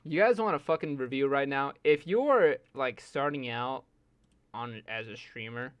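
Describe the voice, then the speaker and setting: A man's voice: mid-range voice, a little slow, clean tone, dull audio. A young man streaming live, ranting in an exasperated, joking way and swearing heavily while his setup fails. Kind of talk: casual live-stream rant.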